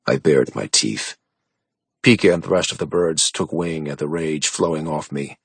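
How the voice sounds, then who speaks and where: A man narrating a romance audiobook in the first person, with a measured, brooding delivery. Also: extremely low pitch, gravelly, fairly bright tone, slightly rough, no echo.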